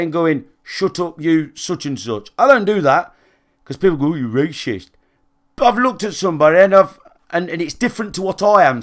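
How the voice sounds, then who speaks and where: A man with a British accent, a gaming live streamer chatting casually with his viewers, rambling and swearing, often checking if they follow him. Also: on the high side. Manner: rambling and sweary, often asks "do you know what I mean".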